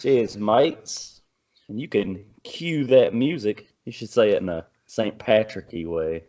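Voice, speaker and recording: A man's voice: on the low side, big pitch swings, normal speed, warm tone. Dude moderating a sports podcast, chill, going through his notes, muffled lo-fi audio. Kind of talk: casual sports podcast chat.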